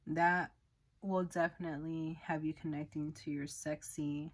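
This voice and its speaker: Slow-talking, profane young woman. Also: low-pitched, flat delivery. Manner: frank and profane, chatty. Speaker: hairstylist and beauty vlogger. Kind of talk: casual chat while doing makeup.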